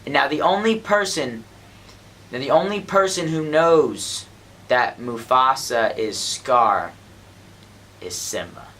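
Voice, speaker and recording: A man excitedly pitching a film plot, restarting often and acting out the gasps. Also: slow pace, pauses often, a little hiss or hum. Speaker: student. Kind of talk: animated storytelling.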